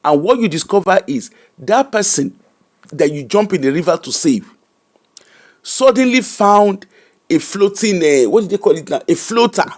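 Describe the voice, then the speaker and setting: A man's voice: high-pitched, lively intonation, moderate pace. A middle-aged Nigerian man with a Nigerian accent, hosting an emphatic, preacher-like commentary that mixes Pidgin and English. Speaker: host.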